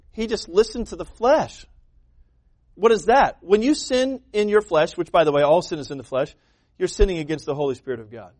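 A man preaches a sermon in a notably high voice, pressing his points hard and repeating words for stress. He slips into quoted voices as he goes. The sound is close and dry, with no room around it. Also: no echo. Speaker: pastor.

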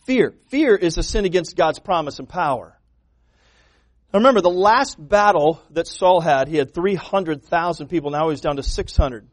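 A man preaches a sermon in a notably high voice, pressing his points hard and repeating words for stress. He slips into quoted voices as he goes. The sound is close and dry, with no room around it. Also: expressive, moderate pace, no room sound. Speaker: pastor.

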